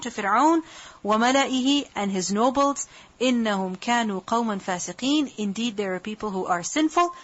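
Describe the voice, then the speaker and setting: A woman's voice: on the high side, fairly bright tone. A woman giving a scripture lesson, asking her class questions and answering them herself, moving between recited verses and English explanation. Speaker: Quran teacher. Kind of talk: tafseer lecture. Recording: muffled lo-fi lecture recording.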